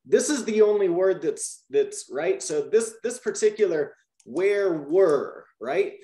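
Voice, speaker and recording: A man's voice: high-pitched, takes it slowly, reverberant. A man explaining teaching methods to trainee teachers in a Q&A, often checking with "right?". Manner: lively, repeats "right?" to check understanding.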